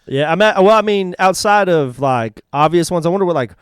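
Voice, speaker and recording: Smooth-voiced man musing in casual chat. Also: high-pitched, expressive, brisk, no echo, studio quality. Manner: rambling musings, many restarts. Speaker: podcast co-host.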